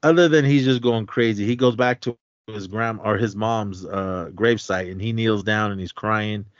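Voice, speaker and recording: A man co-hosting a podcast, retelling a film scene in a rambling, halting way with many fillers. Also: lowish voice, no echo, highs cut off. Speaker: podcast co-host. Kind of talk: casual film recap.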